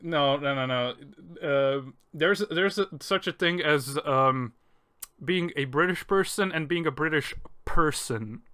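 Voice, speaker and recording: A man's voice: a little high, a little slow, pushed and bright, clean tone. A man chatting casually in a group Q&A about a game mod, joking and laughing often. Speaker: mod developer in a Q&A.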